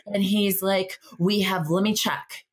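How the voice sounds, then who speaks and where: A young woman co-hosting a podcast, telling a story in casual chat, acting out quotes and jumping up in pitch when excited. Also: slow. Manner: animated storyteller, acts out quotes, jumps high when excited. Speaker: podcast co-host.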